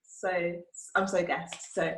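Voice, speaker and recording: A woman's voice: fairly low pitch, flat delivery, slow pace, fairly bright tone. Chatty woman in a roomy echo. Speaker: counsellor, podcast guest. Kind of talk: casual interview talk.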